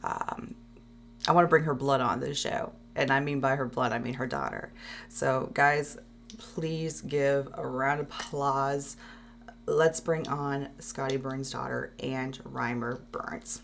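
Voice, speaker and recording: A woman hosting a tribute, her voice gravelly and rough at the edges. She talks haltingly, restarting her sentences and fighting back tears. Faint noise sits under the recording. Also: extremely low pitch, steady tone. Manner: halting, many fillers and restarts. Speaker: show host. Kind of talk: emotional tribute talk.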